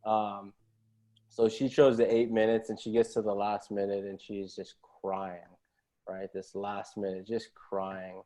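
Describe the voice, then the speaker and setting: A man's voice: fairly low pitch, flat delivery, a little slow, dark tone. A man, a podcast guest, telling a story in an earnest, motivational way and ending many phrases with a questioning "right?". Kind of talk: casual storytelling.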